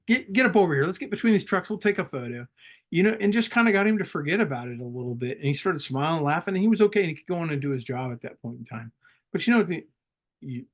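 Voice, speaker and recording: A middle-aged man, a former Marine leader, telling stories in a calm and reflective way as a podcast guest. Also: on the high side. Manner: calm, reflective, laughs easily. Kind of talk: casual interview storytelling.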